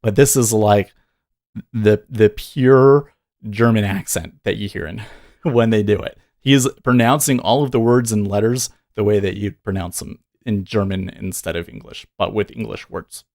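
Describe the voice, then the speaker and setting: A man in his thirties hosts a casual day trading livestream, his voice sitting a little low. He rambles earnestly, correcting himself as he goes. The sound is dry and close. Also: moderate pace, darkish tone, no echo. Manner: rambling, earnest storytelling with frequent self-corrections.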